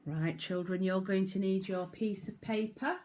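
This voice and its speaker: Slow, clear woman teaching phonics. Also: medium pitch, steady tone, darkish tone. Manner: slow, clear, encouraging call-and-response. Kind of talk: phonics lesson for young children.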